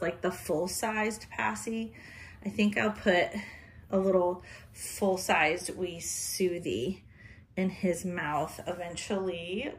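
Slow, cooing woman vlogger. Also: medium pitch, slight background noise. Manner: soft, cooing, talks to the doll like a baby; drops into breathy whispers of delight. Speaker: reborn doll collector and vlogger. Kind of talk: gushing unboxing vlog.

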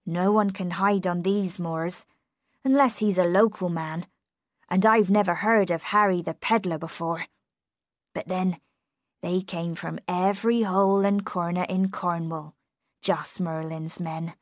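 A woman reading a rough kindly coachman. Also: fairly low pitch, measured pace, no echo, clean studio sound, lightly acted. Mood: grave. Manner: soothing, steady.

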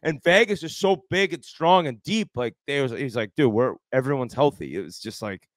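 A man's voice: fairly high pitch, big pitch swings, brisk, fairly bright tone, no room sound. A man in his forties telling locker-room stories and talking hockey in a casual, swearing podcast chat. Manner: swearing, storytelling, chirping banter. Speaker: podcast guest, former hockey player.

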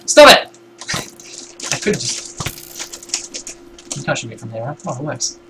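A man's voice: mid-range voice, unhurried. Giggly man live-streaming a game, noisy mic. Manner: giggly, teasing, excitable. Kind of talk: casual co-op game stream chat. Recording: noisy home recording.

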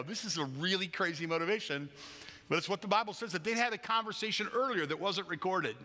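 A man preaching a sermon as a pastor, lively and joking, acting out voices as he tells the story. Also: sits high, fast talker, in a large hall. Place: large church hall.

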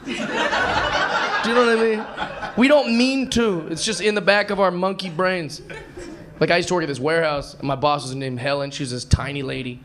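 A man in his thirties doing brash live stand-up comedy, swinging between shouted punchlines and muttered asides. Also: high-pitched, moderate pace, long pauses. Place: comedy club stage with a laughing audience. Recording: live club recording with audience noise.

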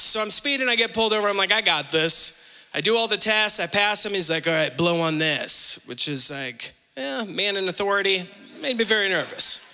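A middle-aged man doing a live stand-up set on a theater stage, telling stories loudly and animatedly with sudden shouted punchlines. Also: high voice. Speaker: stand-up comedian. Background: audience laughter.

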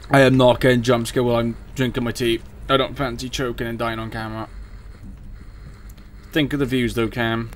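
A man's voice: medium pitch, a bit bright, slight background noise. A young man, commentating a horror game as he plays, jumpy and swearing at it. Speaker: gaming streamer.

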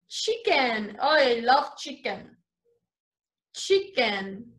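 A woman teaching English vocabulary to young children over a video call, spelling words slowly and switching into to explain. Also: high-pitched, a bit bright. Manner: slow, exaggerated spelling and repetition, switching to Spanish explanations. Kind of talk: online class for young children.

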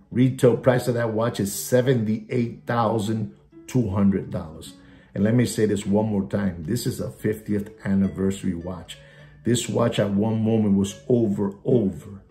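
A man's voice: lowish voice, warm tone. A man giving a ranting watch market update, theatrical and mocking, repeating catchphrases and slipping into Spanish asides. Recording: echoey room with faint guitar music.

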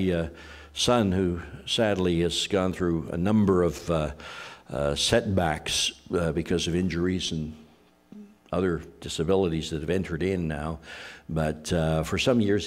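Here a middle-aged man with a low voice preaches conversationally as a pastor. His anecdotes are halting and full of pauses.

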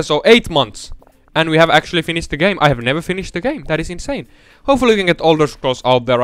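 Excitable young man narrating gameplay. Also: on the high side, smooth, dry recording. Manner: rambling, swings from mumbling asides to loud excited outbursts. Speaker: let's play gamer. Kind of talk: casual gameplay commentary.

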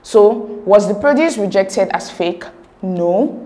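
A woman tutor, patiently explaining exam questions step by step and sounding out words slowly. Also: medium pitch, lively intonation, mellow.

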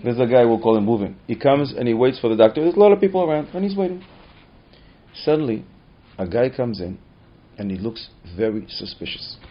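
Lively male rabbi telling a story. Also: mid-range voice, brisk, slight background noise. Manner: dramatic storyteller with repeated phrases. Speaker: rabbi teaching. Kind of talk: storytelling lesson. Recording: dull muffled recording.

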